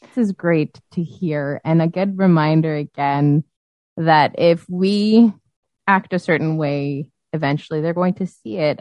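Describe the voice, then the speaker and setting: Low-voiced encouraging female co-host. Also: dry recording. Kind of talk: casual chat. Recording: dry, dull lo-fi sound.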